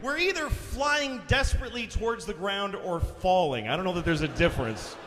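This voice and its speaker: A male stand-up comedian telling a story on stage, profane and exasperated, bursting into shouts. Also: high-pitched, animated, fairly quick, in a large hall, slight background noise.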